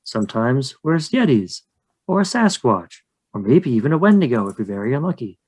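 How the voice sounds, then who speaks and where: A man's voice: mid-range voice, sing-song, a little fast, a little mellow, breathy edge. A man voicing a shy, huge, hairy male skunk ape who lives in a swamp cave, talking in a flustered, rambling, hesitant way. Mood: weary, lecturing.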